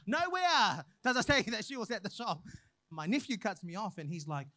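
A young man preaching a sermon, praying and then telling a personal story in an animated way. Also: high voice, a little fast. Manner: animated storyteller, acts out quoted voices.

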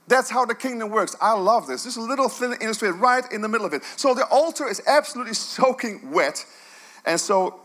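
A middle-aged male preacher with a high, bright voice. He tells his story with animated energy. He drops to hushed tones, then bursts out loud, swinging between quiet and big moments. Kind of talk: sermon.

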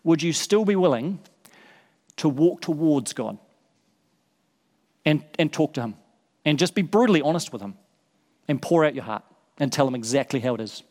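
A man's voice: a little high, a little mellow. Earnest male preacher in a reverberant hall. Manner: earnest, repeats words for emphasis. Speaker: pastor. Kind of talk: sermon.

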